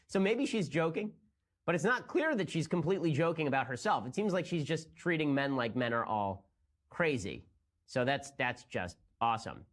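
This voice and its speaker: A man giving political commentary, talking quickly in a mocking, incredulous manner. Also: a little high, lively intonation.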